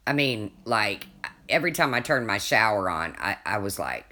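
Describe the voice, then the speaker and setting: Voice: mid-range voice, very animated, normal speed, sharp tone. A livestreamer in casual chat, telling a rambling story and answering viewers' comments, often restarting sentences and laughing along.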